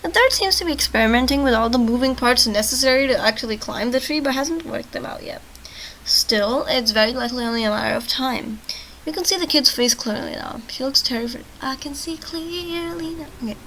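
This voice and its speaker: Bright, chatty woman reading a game aloud. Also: a little high, brisk, slight background noise, low-quality recording. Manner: trips over words and restarts, breaks off into joking comments. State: tired from little sleep. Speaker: gaming channel host.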